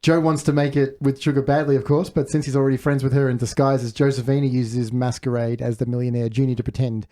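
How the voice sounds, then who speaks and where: A man's voice: mid-range voice, flat delivery, fast talker, few pauses, warm tone. A man hosting a casual movie podcast, asking the group questions and reading out trivia. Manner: leads with questions and reads out trivia. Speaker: podcast host.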